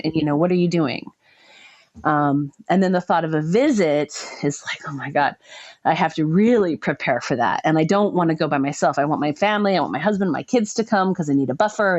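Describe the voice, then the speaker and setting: Emotional woman, halting, muffled dry sound. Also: fairly low pitch, dry recording. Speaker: guest sharing her story. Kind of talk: personal testimony.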